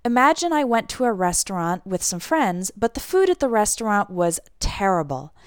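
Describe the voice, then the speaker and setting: A woman teaching an English lesson, speaking clearly and deliberately as she explains and models example phrases. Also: medium pitch, big pitch swings, no echo, studio quality. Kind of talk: scripted language lesson.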